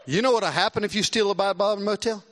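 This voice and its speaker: A middle-aged preacher with a high, bright voice delivers a lively sermon, jumping from loud exclamations down to hushed, earnest tones. His words ring out through a large church with a long reverb. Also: quick pace. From South Carolina. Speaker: visiting preacher.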